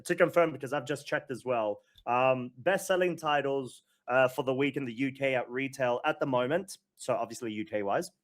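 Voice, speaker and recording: A man hosting a gaming podcast, talking in a rambling, animated, filler-heavy casual chat. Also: mid-range voice, moderate pace, few pauses. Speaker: podcast host.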